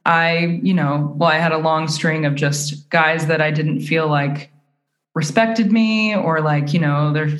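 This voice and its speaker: A woman's voice: deep voice, steady tone, measured pace, echoey room. A woman guest on a podcast telling her story in a casual, earnest and rambling way. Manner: earnest, rambling, many fillers. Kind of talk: casual chat.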